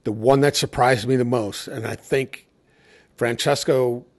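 A man's voice: medium pitch, fairly even intonation, unhurried. Man telling stories about cocktails. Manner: anecdotal storytelling, acting out quoted exchanges. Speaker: cocktail educator. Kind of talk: casual conversation.

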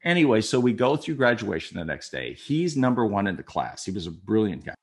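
A man from Minnesota telling an emotional personal story, acting out the voices and swinging from quiet to loud. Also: fairly low pitch, a little fast. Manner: animated, acts out voices, swings from soft to loud.

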